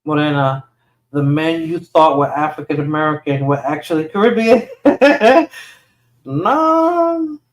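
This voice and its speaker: A man's voice: on the high side, moderate pace. A man hosting a live stream, answering chat in casual, conversational talk and often repeating words as he thinks. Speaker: livestream host reading chat. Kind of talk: casual livestream commentary.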